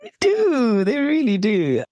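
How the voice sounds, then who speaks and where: A woman's voice: fairly high pitch, slow, dry recording. A young woman doctor from South Africa, talking about her path in an interview, reflective and laughing often. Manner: warm, laughs often, animated quoting. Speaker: guest, medical doctor. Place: at home.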